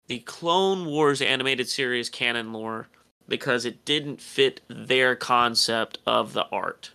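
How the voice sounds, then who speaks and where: A man's voice: medium pitch, slow pace, gravelly, bright, forceful tone, clean tone. A man co-hosting a podcast, talking in a heated, profane rant. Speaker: podcast co-host. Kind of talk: casual podcast chat.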